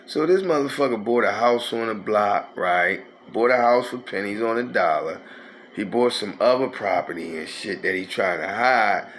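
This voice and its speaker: A man's voice: on the low side, normal speed, fairly bright tone, slight background noise. A man, telling a rambling, profane street story in a casual way. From North Philadelphia. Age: 50s.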